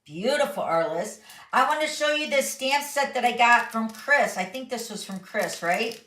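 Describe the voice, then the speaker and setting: Speaking at a normal speed, a woman with a slightly high, somewhat bright and expressive voice hosts a live papercraft chat. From her home craft studio, in an echoey room, she reads viewer comments aloud, sounding bubbly, casual and chatty.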